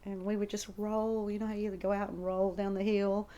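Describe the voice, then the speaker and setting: A woman's voice: mid-range voice, flat delivery, brisk, warm tone, muffled recording. A middle-aged woman with a Southern US accent, casually reminiscing about her childhood home in a nostalgic, rambling way. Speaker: interviewee, the filmmaker's mother.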